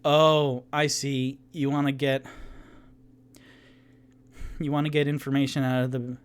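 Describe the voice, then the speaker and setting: A man voicing a weary, battered dragonborn bartender who speaks haltingly in a casual drawl. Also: medium pitch, flat delivery, clear, resonant tone, lightly acted.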